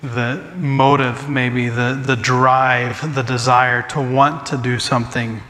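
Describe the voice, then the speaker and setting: Slow and pushed, with a bright mid-range voice that barely moves in pitch, a man preaches earnestly in a church sanctuary during a sermon with congregation Q&A. He keeps restarting and repeating his phrases, heard through long hall reverb and faint ambience.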